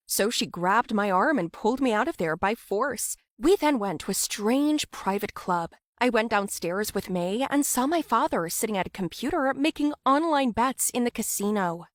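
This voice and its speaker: A young woman giving scripted narration for an animated story. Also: mid-range voice, moderate pace, dry recording, clean studio sound.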